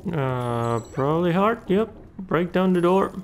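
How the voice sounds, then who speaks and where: A man's voice: high-pitched, expressive, a little slow. A man giving casual gameplay commentary, muttering, swearing and talking back to the characters on screen. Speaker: let's play gamer.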